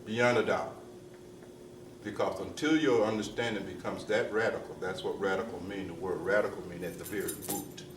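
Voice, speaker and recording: Emphatic low-voiced male spiritual teacher. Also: brisk, hardly any pauses, background noise. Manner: emphatic, repeats "you see?", slips into street slang. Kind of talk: spiritual discourse to students. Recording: roomy distant mic with faint ambience.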